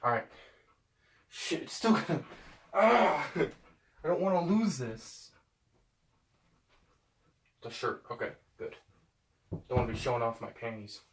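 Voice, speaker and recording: A man vlogging casually, excitable and swearing, talking to himself and his dog. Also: mid-range voice, slow pace, pauses often. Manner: excitable, swears, yelps and shouts at misses. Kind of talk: casual self-talk while filming.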